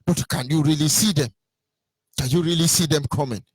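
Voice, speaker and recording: A Nigerian man in a heated political monologue, swinging between loud sing-song mockery and low muttering. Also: brisk, breathy edge, no echo.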